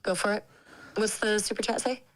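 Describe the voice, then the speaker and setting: A woman's voice acting as an AI chat companion, upbeat and polite, quick to agree in casual chat. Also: medium pitch, fairly even intonation, a bit bright.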